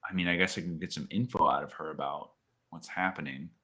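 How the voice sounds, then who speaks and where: A man takes his turn in a tabletop role-playing game. His voice is very deep. He chats easily and thinks out loud, often breaking off a sentence and starting it again. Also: fast. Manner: chatty, thinking aloud with restarts. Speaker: player.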